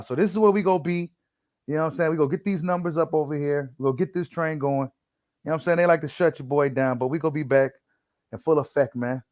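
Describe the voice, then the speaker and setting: A boxing channel host with a voice on the high side gives casual commentary, slangy and packed with fillers. He repeats himself and reads an article aloud to viewers, recorded with studio quality and no echo.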